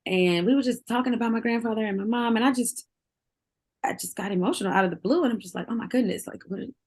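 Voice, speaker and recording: A woman's voice: fairly high pitch, quick pace. A middle-aged woman speaking candidly and emotionally in an interview, often repeating words and laughing. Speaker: interview guest, singer.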